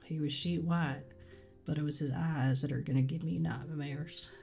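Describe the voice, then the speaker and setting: A woman's voice: low voice, fairly even intonation, moderate pace, vocal fry, a little mellow, faint music behind. A woman voicing a frightened rural man in a put-on accent while reading a game's text, on a condenser desk mic. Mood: shaken.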